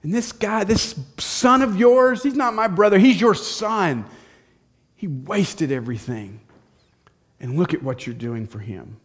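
A man's voice: mid-range voice, lively intonation, measured pace. A man playing an indignant older brother. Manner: loud, heated, scornful.

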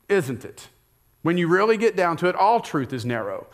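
A man's voice: sits high, very animated, normal speed. A middle-aged male pastor preaching a sermon in a conversational way, often asking rhetorical questions.

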